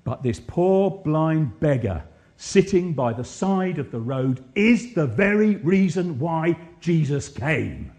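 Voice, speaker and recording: A male preacher delivering a sermon, his voice sitting high and swooping widely as he presses his points. He keeps turning to the congregation with questions and repeats his key lines for emphasis. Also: slow. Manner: animated, asks the congregation questions, rhetorical repetition. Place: church.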